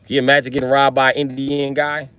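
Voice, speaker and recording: Livestreaming from his car on a phone, a man delivers a casual, profane rant, riffing through comedic stories with animated flair. His voice sits at a medium pitch and comes out fast and smooth, with no room sound at all.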